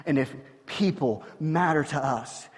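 A man preaching a sermon as pastor, telling stories with animated swings from hushed to loud. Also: fairly high pitch, unhurried, long reverb tail.

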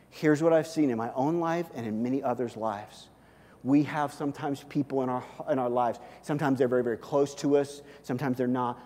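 A man's voice: mid-range voice, mellow, long reverb tail. A male pastor preaching a sermon in a conversational way, often checking in with "okay?".

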